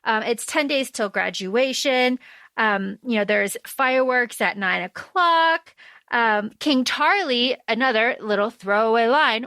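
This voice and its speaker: A woman co-hosting a podcast, chatting casually and acting out quotes in an animated way. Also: a little high, no echo. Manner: animated, quick, acts out quotes. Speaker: podcast co-host. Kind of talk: casual book discussion.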